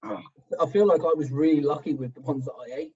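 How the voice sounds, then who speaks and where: A man joining a podcast chat remotely, teasing and expressive. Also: a little high, a little fast, breathy edge, recorded from a distance. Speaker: podcast co-host. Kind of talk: casual chat over a call. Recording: dull lo-fi call audio.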